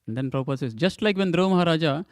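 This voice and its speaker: A man's voice: a little high, animated, very fast, dry recording, clean studio sound. A man giving a temple scripture class, emphatic, repeating points and asking rhetorical questions.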